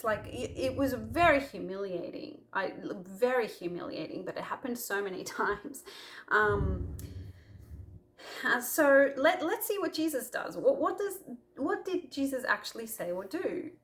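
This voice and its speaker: A woman's voice: on the high side, animated, moderate pace. A woman hosting a casual Christian talk to camera, telling personal stories in a chatty way with lots of fillers. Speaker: Christian video host.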